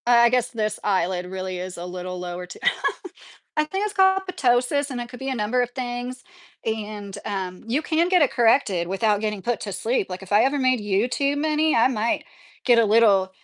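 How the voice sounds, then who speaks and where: Chatty woman host, slightly high voice. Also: expressive, normal speed. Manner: chatty, laughs often, talks back to the chat. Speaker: livestream host reading viewer comments. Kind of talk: casual chat.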